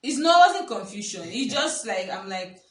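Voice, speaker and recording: Animated young woman telling a story. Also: mid-range voice, normal speed. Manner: animated, laughs often, acts out quotes. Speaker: vlogger. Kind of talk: casual storytelling chat. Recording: echoey room, a bit far from the mic.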